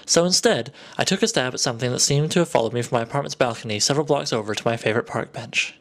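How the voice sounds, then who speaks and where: Man, mid-pitched voice, dry humor, self-mocking, explaining to camera. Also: rapid-fire, hardly any pauses, fairly bright tone. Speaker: video blogger. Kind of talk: wry explanatory talk to camera.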